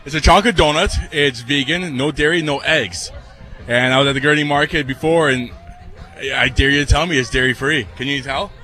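A man's voice: mid-range voice, fairly quick, bright, forceful tone. A man selling at an outdoor event, answering questions casually on a live radio remote. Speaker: vendor guest.

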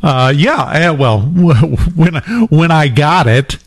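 A man with a fairly high-pitched voice hosts a morning talk show. He tells a long personal story in a relaxed, chatty way, full of small fillers and restarts. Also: takes it slowly. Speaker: radio show host. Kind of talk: casual anecdote telling.

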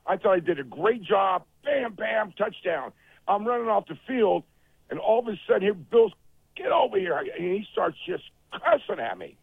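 A man in his fifties, a former football player and guest on the show, telling animated stories and acting out the quotes over a phone line. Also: high voice, normal speed, vocal fry, husky, no room sound. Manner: animated storyteller, acts out quotes. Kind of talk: casual phone interview storytelling.

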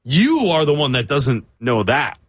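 A man with a lively, swooping delivery teases his co-host on a sports radio show. The sound is dry and close, with no room behind him. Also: mid-range voice, unhurried, slightly rough, no room sound. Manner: playful, needling, lively. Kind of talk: casual sports talk banter. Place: radio studio.

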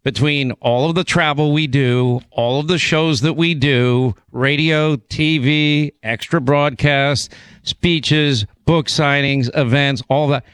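A man hosting a radio talk show, chatting casually with a hoarse voice, repeating words and rushing through stretches. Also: on the high side, fairly even intonation, a bit bright, dry recording. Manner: rambling, repeats words, talks fast in bursts. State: hoarse, recovering from laryngitis. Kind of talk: casual on-air chat. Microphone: studio broadcast mic.

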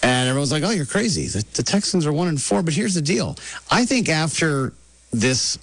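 A man making a bold sports prediction in a casual chat, self-deprecating and quick to correct himself. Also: a little high, sing-song, fairly bright tone. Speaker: panelist.

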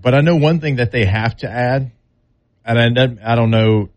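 A man's voice: mid-range voice, normal speed, darkish tone. A man talking football in a casual, drawling way, with loose everyday grammar, as a sports talk co-host.

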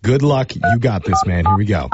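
A man's voice: lowish voice, lively intonation, normal speed, muffled recording, heavy background noise. A man hosting a radio show, casual and playfully teasing.

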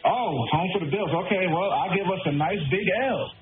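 Glum Brooklyn caller on a phone line. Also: male voice, sits high, moderate pace. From Brooklyn, New York. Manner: glum, resigned, blunt. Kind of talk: call-in sports radio. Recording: tinny phone line with music underneath.

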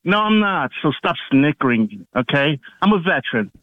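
A man's voice: on the high side, big pitch swings, normal speed, dry recording. A man calling in to a radio show, defensive and irritated, trading insults with the host. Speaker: caller. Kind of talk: heated call-in conversation. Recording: tinny phone line.

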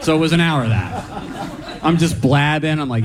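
A man's voice: fairly high pitch, fast, slight background noise. A man doing a stand-up comedy bit, telling a story with laughs and acted-out voices.

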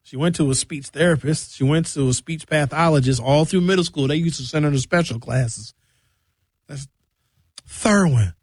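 A middle-aged radio host tells loose, bawdy comic stories in a monologue, acting out the voices of his characters. His voice is a little high and slightly rough, at a moderate pace with no echo.

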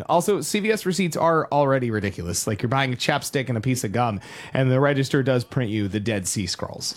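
A man hosting a morning radio show, delivering upbeat, joking commentary. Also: medium pitch. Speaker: radio host.

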